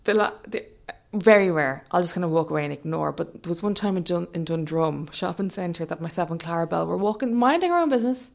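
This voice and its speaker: Irish woman telling a lively story. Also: fast talker, vocal fry, few pauses. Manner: animated, acts out voices with big pitch jumps. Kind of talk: casual chat, storytelling.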